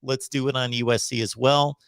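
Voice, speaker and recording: A middle-aged man hosting a sports call-in livestream, talking emphatically and slowing down to drive his points home. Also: medium pitch, fairly even intonation, fairly bright tone, smooth, dry recording. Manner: emphatic, preachy, slows down to stress points. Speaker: host of a college football call-in show. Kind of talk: casual livestream monologue.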